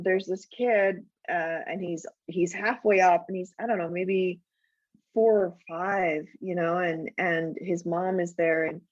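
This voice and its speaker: A woman guest author chats casually, telling anecdotes in an animated way and laughing often. Her voice sits at a middle pitch. It comes through a dull, dry remote recording. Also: dry recording. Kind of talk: casual interview chat.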